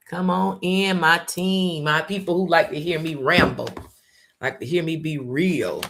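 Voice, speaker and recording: A woman host giving an informal motivational talk, repeating phrases and slowing down for emphasis. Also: low-pitched, a bit bright. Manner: informal, uses y'all and ain't.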